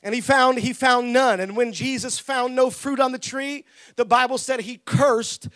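High-voiced, joking man preaching. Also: fairly even intonation, moderate pace. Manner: humorous, folksy, shouts for emphasis, laughs often; acts out quoted voices. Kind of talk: lively sermon with jokes.

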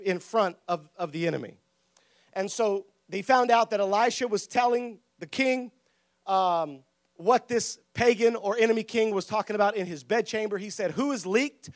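A man preaching a lively sermon with humor, laughing often, shouting for emphasis and acting out the people in his stories. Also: high-pitched. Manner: acts out quoted voices.

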